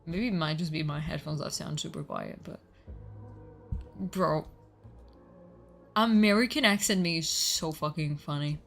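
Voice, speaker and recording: Brief: female streamer, casual live chat, slightly low voice, talkative and swears a lot. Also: a little slow, gravelly, long pauses. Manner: chatty, swears freely, reacts loudly.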